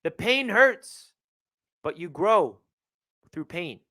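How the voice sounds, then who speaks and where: A young man hosting a live fan reaction stream, reading out donations and venting about his team with swings between gloom and excitement. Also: high-pitched, slow. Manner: emotional, reads out donor messages, swings between gloomy and fired-up. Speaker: livestream host.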